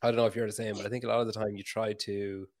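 A man's voice: on the low side, flat delivery, rapid-fire. Rambling man in his thirties. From Ireland. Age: 30s. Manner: rambling, self-mocking, swears freely. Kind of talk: casual chat.

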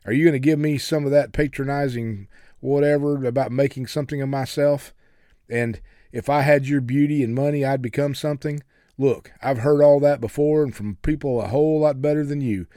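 A man voicing a spoiled, furious young woman in a hospital bed, yelling insults in a raised, shrill voice. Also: no room sound, clean studio sound, close to an everyday voice.

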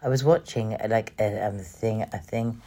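A woman hosting a podcast, telling her personal story in an emotional, halting way with many restarts. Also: very deep voice, warm tone, slightly rough. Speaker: podcast host.

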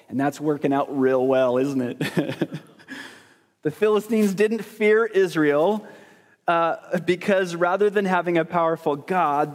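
A man preaching a sermon as pastor, talking in a conversational, joking way and putting questions to the congregation. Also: a little high. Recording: long hall reverb.

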